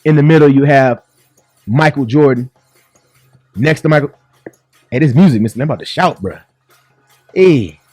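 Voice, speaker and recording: A man's voice: medium pitch, lively intonation, moderate pace, long pauses, darkish tone, slightly rough, no echo. A man hosting a sports talk show, joking and chatty, in a studio. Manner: upbeat, joking, laughs often. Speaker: sports radio host.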